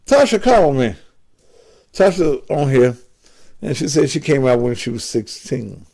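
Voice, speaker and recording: A man hosting a call-in talk show, posing provocative, drawn-out rhetorical questions to his listeners. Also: medium pitch, very animated, gravelly, warm tone.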